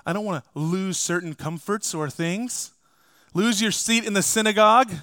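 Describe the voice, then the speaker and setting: A man's voice: high voice, fairly even intonation, moderate pace, pushed and bright, no echo. A man preaching a sermon as pastor, emphatic and speaking straight to his congregation. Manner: emphatic, addresses the congregation directly.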